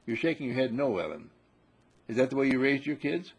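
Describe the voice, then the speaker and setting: A husky-voiced man lectures a gathered group as their spiritual teacher. He quizzes his listeners directly, then drives each lesson in by repeating the same line again and again. His delivery is emphatic and firm. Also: medium pitch, very animated, a little fast. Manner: questioning, repetitive, emphatic.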